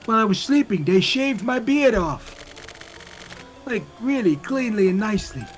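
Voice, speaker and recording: A frail old man who wanders through his story as a witness in a game, put on by a man reading the lines. His voice sits high and swoops around, with a rambling, forgetful manner. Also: expressive, normal speed, faint music behind.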